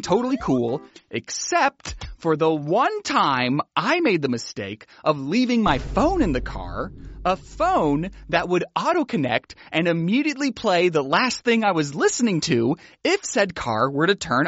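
A man giving a wry, sarcastic, animated comedic book recap as a YouTuber. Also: fairly high pitch, dull audio.

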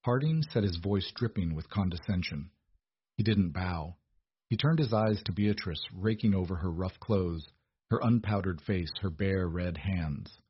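A man narrating an audiobook in an even, measured storytelling manner. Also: deep voice, breathy edge, dry recording, dull audio.

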